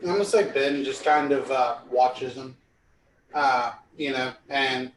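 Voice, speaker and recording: A man's voice: mid-range voice, a little slow, roomy sound, recorded from a distance, slight background noise, poor audio. A man playing in a tabletop game, speaking casually and hesitantly. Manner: hesitant, full of fillers. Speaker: player.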